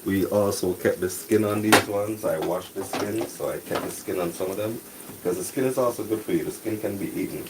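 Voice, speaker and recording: A very deep-voiced man hosting a cooking stream from his home kitchen. He talks softly and chats easily with his viewers. Sizzling and boiling pans are plainly heard behind him. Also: a little fast, very noisy. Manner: talks softly, relaxed and chatty. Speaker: cooking channel host. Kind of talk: soft-spoken live cooking stream chat.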